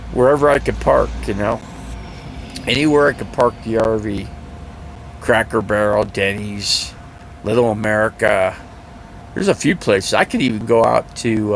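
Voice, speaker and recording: A senior man with a gravelly, rough-edged voice rambles through a casual live-stream chat, circling back and repeating himself. His pitch sits in an ordinary middle range, and a faint vehicle hum runs underneath. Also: a bit bright. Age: older. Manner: rambling, chatty, repeats himself, heavy use of fillers. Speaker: RV vlogger. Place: living out of an RV.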